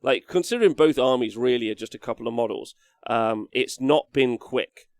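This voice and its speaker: Male commentator, relaxed and chatty, dry studio sound. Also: medium pitch, normal speed, dry recording. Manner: casual, chatty, many fillers. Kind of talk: live tabletop game commentary.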